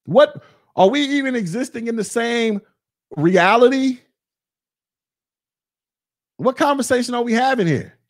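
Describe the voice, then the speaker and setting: Blunt, high-voiced man ranting. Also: animated, measured pace, pauses often. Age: 40s. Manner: blunt, mocking, profane. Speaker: podcast host. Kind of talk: casual rant.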